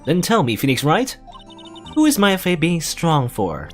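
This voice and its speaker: A man voicing a calm, formal male prosecutor in a game, speaking in a measured way. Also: fairly high pitch, soft background music, voice pushed up. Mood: earnest.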